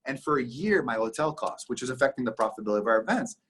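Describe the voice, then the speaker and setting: A man from Canada talks as a guest on a business podcast, in a husky, slightly rough voice. He speaks emphatically and keeps acting out conversations, switching quickly between voices. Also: medium pitch, animated, a bit bright. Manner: emphatic, acts out conversations in quick back-and-forth. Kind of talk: casual podcast interview.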